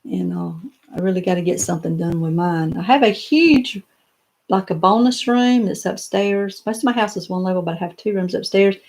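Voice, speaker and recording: An older woman with a gentle drawl, chatting on a live stream. She talks in a loose, rambling way, full of little restarts, and answers viewer comments one after another from her home office. Her pitch sits right in the middle for a woman. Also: moderate pace. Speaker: doll collector hosting a live stream. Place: home office lined with doll showcases.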